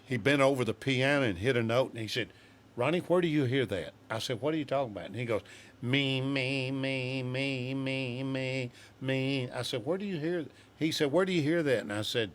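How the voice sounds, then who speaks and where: An older man, a guest singer telling a story in an animated way and acting out other people's voices. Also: mid-range voice, a little fast, slight background noise. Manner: animated, acts out quoted voices. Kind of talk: storytelling in a studio chat.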